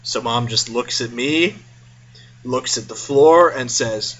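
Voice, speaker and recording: Bright-voiced man telling a funny story. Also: mid-range voice, slow, lo-fi sound. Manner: chatty, self-aware asides and pop-culture jokes. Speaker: vlogger. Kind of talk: casual comic storytelling to camera.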